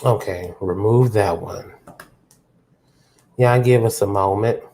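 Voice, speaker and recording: A woman hosting a live podcast, chatting casually and a little out of breath, with loose slang and animated storytelling. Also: rumbling low, slow. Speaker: podcast host. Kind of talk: casual chat.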